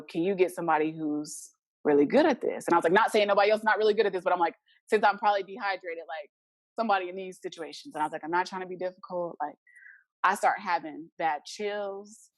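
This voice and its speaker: A woman guest in an interview speaks fast in a fairly low voice, with no room sound. She tells a personal story casually and animatedly, acting out the voices of the people in it.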